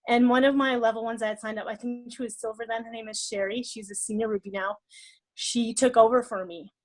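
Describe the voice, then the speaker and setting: A woman on a team call, telling a personal story about stage fright, fast and emotional, often repeating words. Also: a little high, steady tone. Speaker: network marketing team leader. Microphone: call or stream mic.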